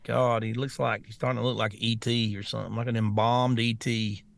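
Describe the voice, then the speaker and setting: Gravelly Southern man, blunt and mocking. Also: medium pitch, little pitch movement, fairly quick. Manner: blunt, mocking, laughs often, trails into restarts. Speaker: co-host. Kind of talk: casual political talk show banter.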